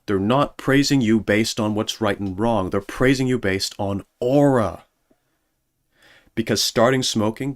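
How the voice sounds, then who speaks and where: A man streaming as a VTuber, rambling sarcastically in a casual monologue and mocking people in put-on voices. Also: lowish voice.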